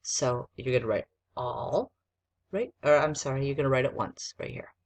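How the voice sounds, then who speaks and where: A woman teacher giving a recorded spelling lesson to young students, dictating slowly and sounding out letters one at a time. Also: a bass voice, expressive, darkish tone.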